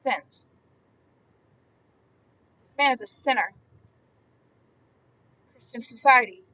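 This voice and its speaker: A woman giving impassioned Bible commentary, emphatic and repetitive, swinging between hushed words and loud ones. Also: a little high, slow, distant mic, rough recording. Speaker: preacher.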